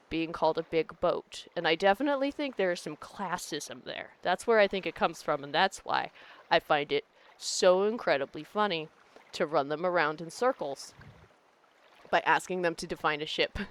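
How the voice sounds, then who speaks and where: A woman's voice: lowish voice, animated, normal speed, fairly bright tone. Rambling, laughing woman streamer. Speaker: game streamer. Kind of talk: casual live-stream chat.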